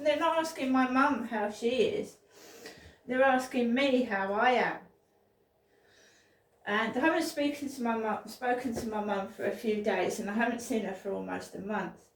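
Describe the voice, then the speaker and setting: At a moderate pace and on the high side in pitch, a female vlogger rambles through a personal story at home, often restarting sentences and repeating words. It's a casual spoken diary captured from afar in a roomy-sounding room.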